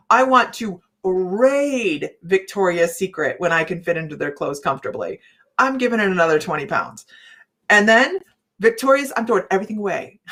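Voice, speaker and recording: A woman's voice: mid-range voice, fairly bright tone. Middle-aged woman gabbing on a live chat, jokey and self-mocking, laughs a lot. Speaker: host of a psychic live chat. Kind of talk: casual live chat with viewers.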